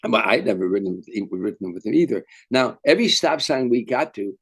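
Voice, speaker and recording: An older man, a veteran comedian, telling lively anecdotes in an interview and acting out the voices of people in his stories. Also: mid-range voice, fairly quick, husky. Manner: animated storyteller, acts out quotes. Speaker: guest comedian. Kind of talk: storytelling interview.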